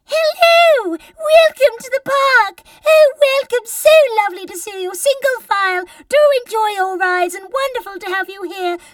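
Woman doing super high gushy park greeter lady, slow, sing-songy, dry. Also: lively intonation, dry recording, distant mic. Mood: gushing. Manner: gushing, sing-song. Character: cheery female theme park greeter.

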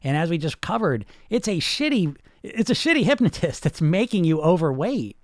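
A man delivers a fast, blunt motivational monologue, peppered with profanity. His voice sits a little high for a man. The sound is dry and close, with no room behind it. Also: sing-song, no room sound. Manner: blunt, profane, rapid-fire. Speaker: podcast host and weight-loss hypnotist.

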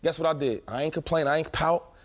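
On a casual podcast chat, a former pro football player in his thirties tells stories in loose, slangy talk, speaking very fast and doubling back mid-sentence. His voice is a little high for a man, and he holds court like he's among friends.

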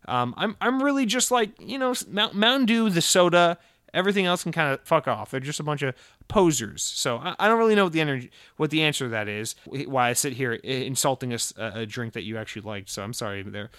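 A man from Massachusetts hosting a podcast in casual chat, animated and profane, jumping between loud rants and muttered asides. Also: fairly high pitch, fast, no room sound, studio quality. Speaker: podcast host.

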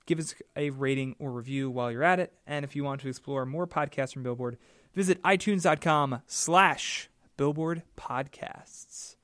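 A man's voice: medium pitch, moderate pace, fairly bright tone, no room sound, studio quality. A man co-hosting a music podcast, laid-back and easy-laughing in casual chat. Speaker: podcast co-host.

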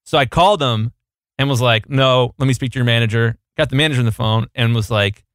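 A young adult man co-hosts a podcast and tells playful, jokey stories in a loose, casual chat. His voice sits at an ordinary middle pitch. It is recorded dry and close, with no room sound. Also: quick pace, fairly bright tone, no echo. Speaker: podcast co-host.

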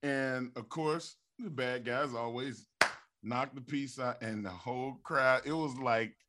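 Animated middle-aged man telling stories. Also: medium pitch, a little slow, heavy background noise. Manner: animated storyteller, acts out quotes with stammers and laughs. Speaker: podcast co-host, former wrestler. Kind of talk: casual storytelling.

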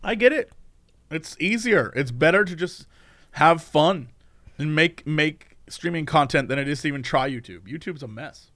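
Young male streamer, high voice, animated rambling chat, dry close sound. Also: moderate pace, no room sound. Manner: animated, rambling, laughs a lot. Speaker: streamer and video maker. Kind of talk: casual chat.

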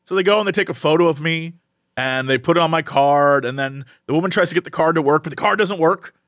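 A man's voice: on the high side, fast talker, dry recording, clean studio sound. A young man on a podcast, chatting casually as he tells a funny story, laughing often and acting out the people in it. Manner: animated, laughs often, acts out quoted people. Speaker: podcast co-host.

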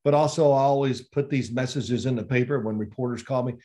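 A man's voice: medium pitch, a little fast. A man in his sixties, a former quarterback, telling stories in a casual interview and acting out the exchanges he quotes. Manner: animated storyteller, acts out quoted exchanges. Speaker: former NFL quarterback guest.

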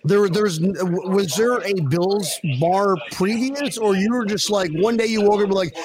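A man hosting a casual sports fan chat, excitable and swearing freely. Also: high-pitched, normal speed, a crowd in the background. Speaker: podcast host.

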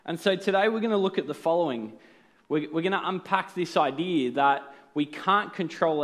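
A man's voice: a little high, normal speed. A man preaching a sermon in an earnest, explanatory way, often asking rhetorical questions.

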